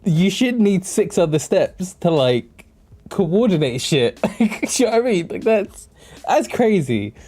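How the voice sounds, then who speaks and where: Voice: mid-range voice, big pitch swings, a little slow, darkish tone. A streamer chatting casually while playing a game, giggly and rambling with many fillers.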